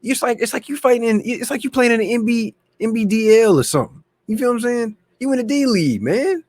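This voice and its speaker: A man hosting a boxing channel, giving slangy, animated casual commentary that often repeats itself. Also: very high-pitched, fast, dry recording, clean studio sound.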